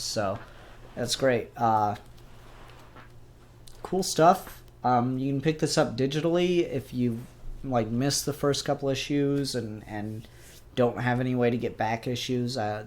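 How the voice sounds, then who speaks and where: A man's voice: mid-range voice, a little mellow. Chatty young man reviewing comics. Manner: rambling, chatty and upbeat. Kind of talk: casual spoken review.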